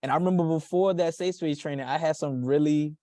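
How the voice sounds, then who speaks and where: A man hosting a podcast who speaks in a reflective, thoughtful way, pausing often. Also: a little high, mellow, no echo, clean studio sound. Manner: reflective, thoughtful, with frequent pauses and restarts. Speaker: podcast host. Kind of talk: conversational interview.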